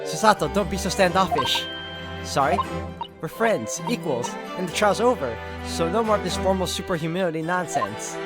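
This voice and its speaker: A man voicing an eager, boastful young male defense lawyer, reading game dialogue aloud with excited exclamations. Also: high-pitched, normal speed, pitched above the performer's own voice. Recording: loud game music behind.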